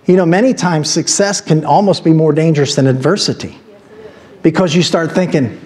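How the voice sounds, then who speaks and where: A man's voice: a little high, moderate pace, a little mellow. A man pastor preaching a sermon in a church, teaching from scripture and building to emphatic exhortation. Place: church sanctuary.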